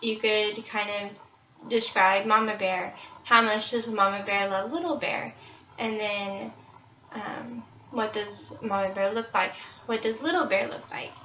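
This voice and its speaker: A woman's voice: medium pitch, fairly even intonation, unhurried, bright, forceful tone, recorded from a distance, a little hiss or hum. A young woman casually presenting children's books, with frequent ums. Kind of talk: book review presentation. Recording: roomy, slightly dull recording.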